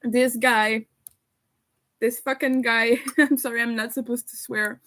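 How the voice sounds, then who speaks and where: A young woman chats casually with her live viewers, talking while she eats. Her voice sits a little high, and she takes her time. She speaks at an unhurried, relaxed pace. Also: rough recording. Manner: chatty, talks while eating. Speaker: livestreamer and crocheter. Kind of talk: casual livestream chat.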